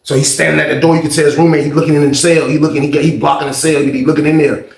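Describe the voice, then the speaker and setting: A man telling a story in a casual, animated, profane way, full of repetition. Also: fairly high pitch, racing, creaky, reverberant.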